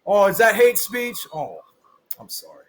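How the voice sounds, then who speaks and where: A man freestyling rambling rhymes while playing a video game, with sudden shouted bursts and a hoarse, worn voice. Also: high voice, sing-song, measured pace, faint music behind. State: hoarse, losing his voice. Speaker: gaming streamer. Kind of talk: let's-play commentary with freestyle rapping.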